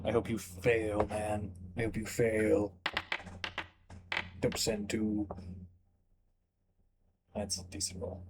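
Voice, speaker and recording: A man's voice: lowish voice, completely flat delivery, slow pace, long pauses, noisy background. A man casually playing a tabletop game, thinking aloud and joking. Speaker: player.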